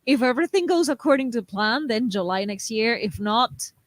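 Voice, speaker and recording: A woman's voice: on the high side, lively intonation, moderate pace, no echo. A woman from Argentina, a guest writer chatting casually with stammered restarts. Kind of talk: casual chat.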